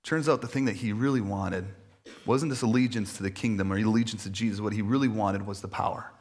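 A man's voice: fairly low pitch, fast talker, a little mellow. A male pastor preaching a sermon in a conversational, self-deprecating way, with many fillers.

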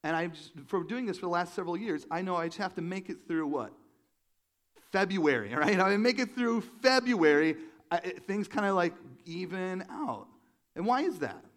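A male pastor giving a conversational sermon to his congregation, animated and full of joking asides. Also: sits high, moderate pace. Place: church room with a congregation.

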